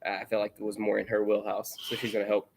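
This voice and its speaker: A man leading a small church gathering, speaking in a relaxed, conversational way as he introduces a sermon. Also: fairly low pitch, fast, a little hiss or hum. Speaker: pastor.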